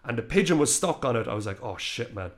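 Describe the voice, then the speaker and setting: A man in his thirties telling a story in casual chat, animated, swearing and laughing as he goes. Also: medium pitch, fast talker. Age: 30s.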